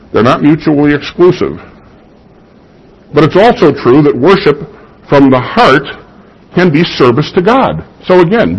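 Husky-voiced pastor preaching a sermon. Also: male voice, a little high, lo-fi sound. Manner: preaching with rising emphasis and questions to the congregation. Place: church sanctuary.

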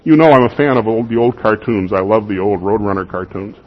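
A man preaching a sermon in a husky voice, in a conversational style with rhetorical questions to the congregation, in what sounds like a church. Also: fairly low pitch, a little fast. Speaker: pastor. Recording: dull lo-fi recording.

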